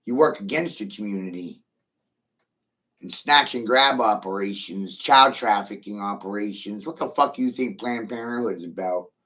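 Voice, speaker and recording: A man's voice: lowish voice, gravelly, fairly bright tone, poor audio. A middle-aged man in a profane, taunting rant, swearing aggressively at his critics.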